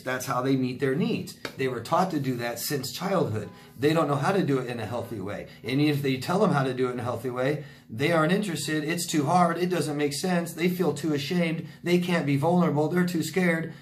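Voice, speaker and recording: A man's voice: on the high side, a little hiss or hum. A middle-aged man, a relationship coach, answering viewer questions in a casual, blunt, emphatic way that repeats points for stress. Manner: blunt, emphatic, repeats himself, occasional swearing.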